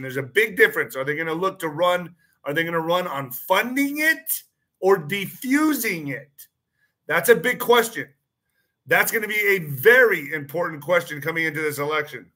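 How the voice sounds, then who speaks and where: A male online show host with a bright, slightly high voice gives casual monologue commentary. He rambles, repeats words and phrases, restarts frequently, uses fillers, and puts his claims as pointed questions.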